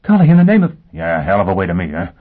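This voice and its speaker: A man's voice: low-pitched, steady tone, rapid-fire. A man voicing a desperate, brutal male escapee who talks bluntly and urgently. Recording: tinny lo-fi phone-like audio.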